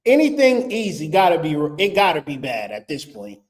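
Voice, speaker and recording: A man's voice: a little high, huge pitch swings, moderate pace. A man giving blunt, profane, joking spiritual relationship advice in a casual talk. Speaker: spiritual vlogger.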